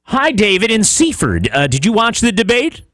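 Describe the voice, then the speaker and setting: Joking radio host man, lively voice. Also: high voice, no echo. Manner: joking, teasing, quick to laugh. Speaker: radio talk show host. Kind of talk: casual call-in radio banter. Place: radio studio. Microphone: studio mic.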